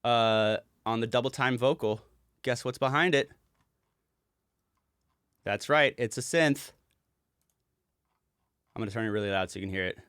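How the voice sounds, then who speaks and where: A man's voice: medium pitch, normal speed, pauses often, a bit bright, clean tone, no echo. Brief: man, music producer on a casual livestream, rambling and loose, mid-range voice, dry close sound.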